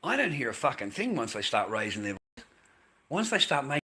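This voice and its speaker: Aussie bloke ranting, swears a lot, keeps repeating himself, mid pitch. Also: male voice, sing-song, fairly quick, pushed and bright. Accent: Australian. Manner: blunt, repetitive, heavy swearing. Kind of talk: ranting monologue.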